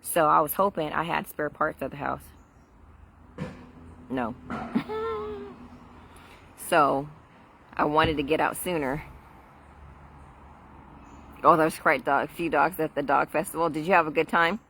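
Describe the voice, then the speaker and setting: Chatty woman gardener, lower voice. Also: big pitch swings, unhurried, vocal fry, pauses often, fairly bright tone, slight background noise. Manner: chatty and rambling, laughs often. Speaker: vlogger on a garden livestream. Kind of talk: casual livestream chat. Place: outdoors in a backyard garden. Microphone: phone livestream.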